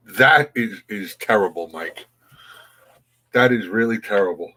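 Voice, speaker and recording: A man's voice: lowish voice, lively intonation, takes it slowly, sharp tone, low-quality recording. A man hosting a morning livestream, chatting casually and greeting viewers by name. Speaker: livestream host. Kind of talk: casual chat reading viewer comments.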